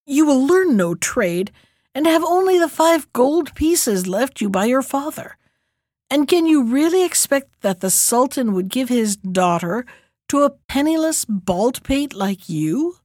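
Lady reading as a worried old mom in a folktale, pleading, kinda stammery, slightly high voice. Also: very animated, measured pace, a little mellow, no room sound, clean studio sound. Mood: alarmed. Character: anxious old mother of a lazy son.

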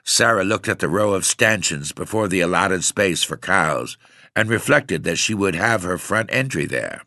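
A man narrating an audiobook story with expressive delivery. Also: deep voice, moderate pace, dry recording, clean studio sound.

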